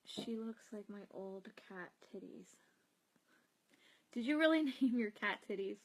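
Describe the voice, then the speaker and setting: A chatty young woman talks casually on a home live stream, picking up viewer comments as she goes. Her pitch sits in an ordinary middle range, and she rambles freely and laughs easily between thoughts. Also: animated, unhurried. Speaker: psychic host answering live comments. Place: home, with cats nearby.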